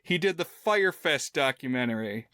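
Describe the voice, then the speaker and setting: Male podcast co-host, bright tone, slightly high voice, casual film chat. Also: moderate pace, no echo, studio quality. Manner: relaxed, conversational, with frequent fillers.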